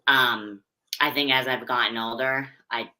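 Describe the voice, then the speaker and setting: Interview guest: young adult woman from Pennsylvania, low pitch, forceful tone, candid and chatty. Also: steady tone, measured pace, low-quality recording. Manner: candid, chatty, laughs easily. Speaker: interview guest, figure competitor and posing coach. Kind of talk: casual interview chat.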